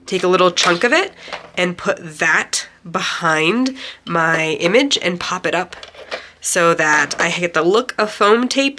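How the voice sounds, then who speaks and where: A woman's voice: fairly low pitch, sharp tone. Congested woman chatting through a craft tutorial. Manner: chatty, rambling with fillers. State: congested, sick nasal voice. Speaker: craft channel host. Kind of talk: casual craft tutorial narration.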